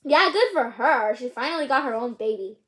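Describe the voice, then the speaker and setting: A woman's voice: sits high, expressive, brisk, a bit bright. A woman hosting her channel, reading a picture book aloud and stopping for chatty, curious comments on the pictures. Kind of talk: read-aloud with chatty asides.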